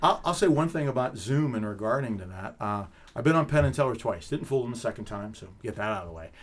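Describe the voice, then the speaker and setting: A middle-aged man, a comedic magician, telling animated stories in an interview and laughing often. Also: mid-range voice, fast. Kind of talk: casual storytelling in an interview.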